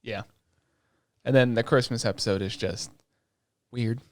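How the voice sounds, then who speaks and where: A man with a mid-pitched voice recaps episodes on a podcast, sounding dry and close to the mic. He rambles in a profane, filler-heavy way and slips into the characters' quoted lines as he goes. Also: unhurried, dry recording. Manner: loose, profane retelling with lots of fillers; animated storytelling that acts out quoted lines. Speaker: podcast co-host. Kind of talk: casual chat.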